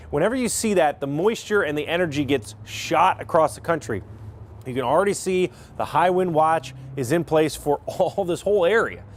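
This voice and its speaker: A man's voice: a little high, slight background noise. A male meteorologist giving a chatty TV weather forecast, rambling into asides and correcting himself as he goes.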